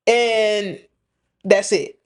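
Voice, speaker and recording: A woman from the Indianapolis area co-hosts a podcast in a relaxed, colloquial way. She speaks at a middle pitch and tells blunt stories with a laugh underneath. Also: very slow. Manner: frank, colloquial, laughs while telling stories. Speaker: podcast co-host. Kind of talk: casual chat.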